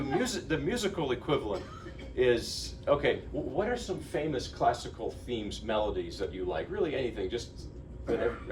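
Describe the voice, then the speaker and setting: A man's voice: medium pitch, a little hiss or hum. A man from New Jersey talks informally between piano pieces, rambling and lighthearted, often stopping short to restart a thought. He is picked up from some distance in a small, living-room-like room, with a faint wash of ambience behind him. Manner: chatty, rambling, self-interrupting, lighthearted. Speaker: pianist giving a lecture-recital.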